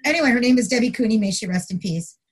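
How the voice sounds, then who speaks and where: Husky-voiced woman telling a lively story. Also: racing. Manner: animated storyteller, acts out quotes with big pitch jumps. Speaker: retired corrections officer, guest. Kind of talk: casual storytelling in a podcast interview.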